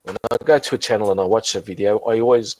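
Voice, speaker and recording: A low-voiced man talks casually on a call, clearly drunk. He rambles, restarts his sentences and swears freely. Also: quick pace, darkish tone, rough recording. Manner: rambling, stumbling, many restarts and profanity. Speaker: channel host. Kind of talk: casual chat on a group voice call.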